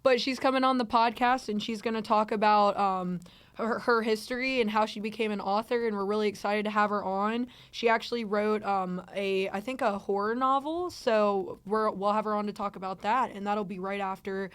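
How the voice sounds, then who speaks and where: A woman's voice: mid-range voice, fairly even intonation, moderate pace, smooth, no echo. A young adult woman co-hosting a casual podcast, chatty and upbeat, reading out upcoming events with lots of ums. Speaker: podcast co-host. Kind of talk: casual chat and event announcements. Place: venue studio room.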